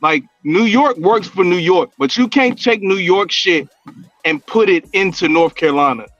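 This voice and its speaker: A man with a fairly high voice argues bluntly and profanely, repeating his points. The sound is dry and slightly dull, like a lo-fi recording. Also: normal speed, a bit bright, no echo, faint music behind. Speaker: podcast co-host. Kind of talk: casual chat.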